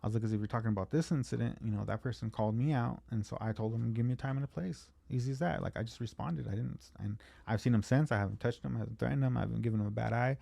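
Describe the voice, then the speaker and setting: A man's voice: mid-range voice, racing, vocal fry, few pauses, mellow, no echo. A man from California telling a long story in casual podcast chat, swearing freely and acting out both sides of the conversation.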